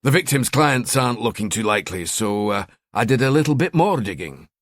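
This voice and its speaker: A man's voice: medium pitch, animated, brisk, a bit bright, no room sound, studio quality. A man voicing a cheeky, sardonic male police detective in an audiobook. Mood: wry. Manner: wry, chatty.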